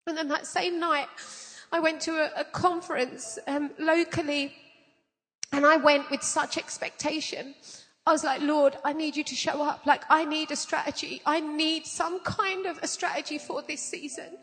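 High-pitched woman, earnest testimony, reverberant sound. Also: normal speed, fairly bright tone. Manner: earnest, tearful, laughing at herself. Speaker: artist sharing a faith testimony. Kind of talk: personal testimony.

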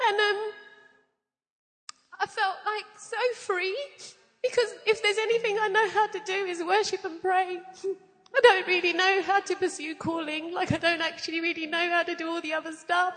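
Earnest high-voiced woman sharing testimony. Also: level tone, moderate pace, a bit bright, in a large hall. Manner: earnest, tearful, laughing at herself. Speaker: artist sharing a faith testimony. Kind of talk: personal testimony.

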